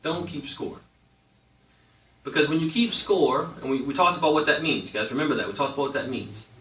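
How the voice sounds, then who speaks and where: A man teaching a live religious class, animated, often asking his listeners questions and letting them answer. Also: fairly high pitch, fast talker. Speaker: Islamic teacher. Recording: roomy, from a distance, faint noise.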